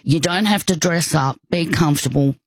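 Woman doing a brassy older friend, brash, teasing, husky voice, dry close sound. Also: low-pitched, normal speed, dry recording. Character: bold, brassy older woman friend who loves a celebration.

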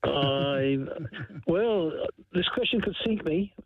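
A man's voice: fairly high pitch, lively intonation, slow, a little hiss or hum. A man calling in to a radio quiz, chatty and thinking his answers aloud. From Australia. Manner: chatty, thinks aloud, chuckles at own jokes. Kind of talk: casual phone-in chat. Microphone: telephone. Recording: tinny phone line.

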